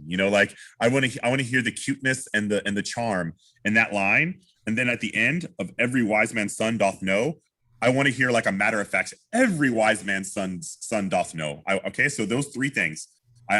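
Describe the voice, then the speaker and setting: A man teaching an online singing masterclass, coaching a student with lots of restarts and sung examples. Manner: animated, demonstrates lines by singing them high; many restarts and repeated words. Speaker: opera singer teaching a masterclass. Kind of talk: vocal coaching.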